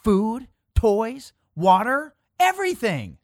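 A performer voicing an eager, stubborn boy who wants to stay a child forever, with a whiny, excited manner. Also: medium pitch, slow, no echo, studio quality, voice pushed up.

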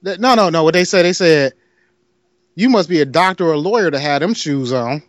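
A man with a Detroit accent and a notably high voice tells a rambling story. He plays the other voices as he goes, and the sound is dry and close. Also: fairly quick, no echo. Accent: Detroit, Michigan. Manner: animated storyteller, acts out other voices, laughs often. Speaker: podcast co-host telling a story. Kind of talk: casual storytelling chat.

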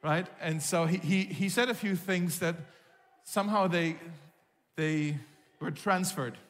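A man preaching a sermon as a pastor, telling a personal story in a lively way and acting out the voices of the people he quotes. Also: high voice, measured pace. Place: church hall. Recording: long reverb of a large hall.

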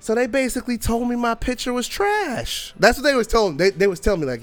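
A man in his forties hosting a podcast, telling a story in a casual, animated way, acting out what people said and laughing often. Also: very high-pitched, fast, hardly any pauses, soft background music. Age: 40s. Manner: animated, acts out quoted dialogue, laughs often. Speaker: podcast host.

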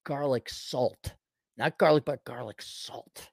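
A man's voice: mid-range voice, animated, moderate pace, no echo. Sardonic man mocking news on his podcast, dry sound. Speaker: podcast host. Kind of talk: sarcastic commentary on read-out articles.

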